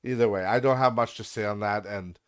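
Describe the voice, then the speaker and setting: A man's voice: fairly low pitch, fairly quick, clean tone, dry recording, studio quality. A young man hosting a podcast, ranting in a profane, sarcastic and exasperated way. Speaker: podcast host.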